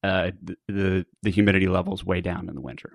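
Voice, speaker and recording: A man chimes in on a podcast, explaining things plainly. His voice is low, and the recording is close and dry. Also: flat delivery, fast talker, creaky, dry recording. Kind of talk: casual chat.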